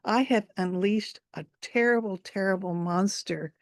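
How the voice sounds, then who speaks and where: A woman's voice: mid-range voice, unhurried, no room sound, studio quality, close to an everyday voice. A woman voicing a determined male beaver in a told folk tale, earnest and solemn. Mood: grieving. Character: determined male beaver, bold then remorseful.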